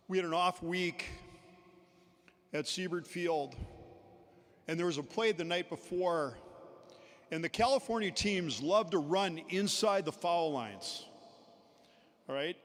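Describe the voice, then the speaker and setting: A man giving a storytelling eulogy at a memorial service, chuckling between anecdotes. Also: fairly high pitch. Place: large indoor pavilion. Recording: long hall reverb in a large venue.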